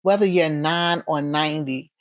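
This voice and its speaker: A woman in her forties with a Northern US accent, a correctional officer talking casually in an interview, bubbly and animated, acting out the voices in her stories. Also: low-pitched, normal speed, dry recording. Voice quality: bubbly, warm-hearted. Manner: animated, storytelling, acts out quoted voices.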